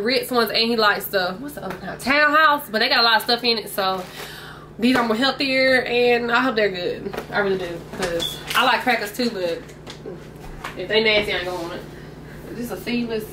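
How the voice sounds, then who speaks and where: A young woman chats to her viewers into a camera mic at home. She keeps calling them y'all, and her voice is bright and crisp. Her pitch sits a touch above the usual. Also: a little hiss or hum. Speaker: vlogger. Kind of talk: casual grocery haul chat. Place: at home, indoors.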